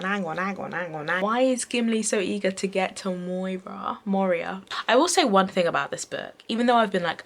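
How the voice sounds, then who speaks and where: A young woman chatting casually in a reading vlog, rambling with many fillers and quick asides. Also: mid-range voice, vocal fry. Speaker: book vlogger. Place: bedroom at night.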